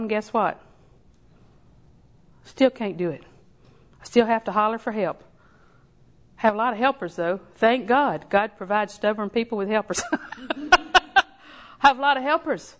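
An older woman preaching a sermon in a folksy, storytelling way, with slow emphatic repetition. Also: mid-range voice.

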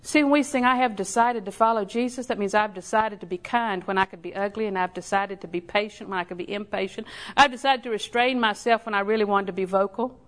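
An older woman preaching a sermon in a folksy, storytelling way, with slow emphatic repetition. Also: mid-range voice, fairly even intonation.

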